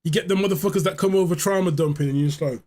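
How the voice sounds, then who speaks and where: Man, high voice, casual rambling stream chat, joking, swearing. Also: rapid-fire, darkish tone.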